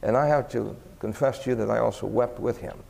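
A man's voice: mid-range voice, fairly quick, vocal fry, in a large hall. A man preaching a sermon and telling stories, his voice climbing sharply when he acts out the people in them. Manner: animated, voice rising for quoted exclamations. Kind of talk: sermon storytelling.

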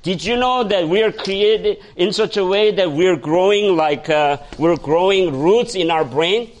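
Man, pastor, lively sermon, raises voice then goes soft, chuckles. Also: sits high, unhurried. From Korea. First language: Korean. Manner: animated, swings from raised voice to soft storytelling; quotes people in the story, chuckles often. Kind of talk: sermon with storytelling.

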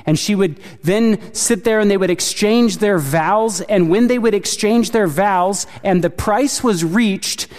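A man's voice: high-pitched, a little slow, hardly any pauses, darkish tone. A male preacher delivers a sermon in an earnest tone and keeps putting questions to his listeners. His voice rings out with a long reverb, as if he is recorded in a large hall.

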